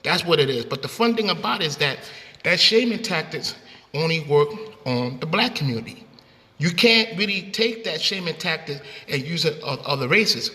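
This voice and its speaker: A man's voice: a little high, lively intonation, normal speed, sharp tone, long reverb tail. A man hosting a casual debate who keeps pressing to finish his point, repeating "bro" and "you see.". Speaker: host.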